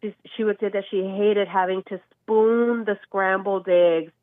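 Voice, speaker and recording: Unhurried and mid-range in pitch, a woman phones into a talk show while sick, her voice nasal as she animatedly acts out quotes with laughter. The call comes through a tinny line with no room sound.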